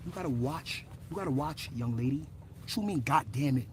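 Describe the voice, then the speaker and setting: A man's voice: medium pitch, expressive, fairly quick, darkish tone, a little hiss or hum. A man in his twenties telling a story and bantering with profanity on a casual livestream. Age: 20s. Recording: roomy echo.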